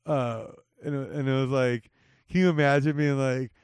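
Profane joking podcast host, dry mic. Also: male voice, mid-range voice, steady tone, moderate pace, darkish tone, clear, resonant tone, no echo. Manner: loose, profane, joking banter. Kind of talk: casual podcast chat.

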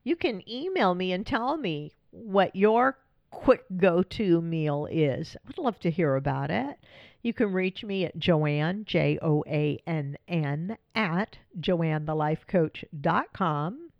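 A woman's voice: on the low side, expressive, takes it slowly, creaky, dry recording, lo-fi sound. A woman hosting a podcast as a coach, talking in a chatty, friendly way and laughing often. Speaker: podcast host and widow coach. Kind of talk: casual podcast monologue.

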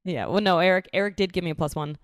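A woman's voice: fairly low pitch, fast talker, no echo, clean studio sound, faint music behind. A young woman hosting a podcast, chatting casually from her living room and laughing often as she tells stories. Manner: animated storyteller, laughs often. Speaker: true crime podcast host. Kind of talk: casual chat. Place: apartment living room at home.

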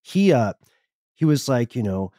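A man's voice: medium pitch, big pitch swings, a little slow, dark tone, dry recording, studio quality. A man co-hosting a casual history podcast, with wry joking asides. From Atlanta, Georgia, US. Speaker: podcast co-host.

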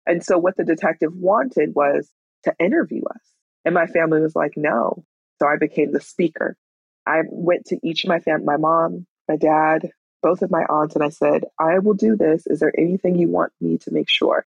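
Gravelly, husky woman in her thirties. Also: low voice, moderate pace, dry recording, lo-fi sound. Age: 30s. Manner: frank, candid, blunt with swearing. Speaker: storyteller. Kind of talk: personal storytelling.

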